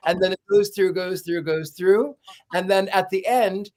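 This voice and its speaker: A man's voice: high voice, moderate pace, darkish tone. A man hosting a casual livestream, chatting and telling stories with frequent restarts and repeated words. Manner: rambling, repeats words while starting sentences. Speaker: livestream host. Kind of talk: casual chat.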